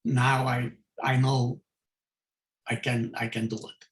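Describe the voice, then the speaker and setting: Slow older man, roomy echo. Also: medium pitch, level tone. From Hungary. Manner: halting, many fillers and restarts. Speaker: Holocaust survivor speaker. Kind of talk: testimony in a video call talk.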